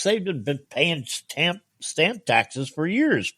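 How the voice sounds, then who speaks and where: A man as guest co-host in a casual history podcast chat, animated and chuckling mid-sentence. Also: fairly high pitch, takes it slowly, dry recording, clean studio sound.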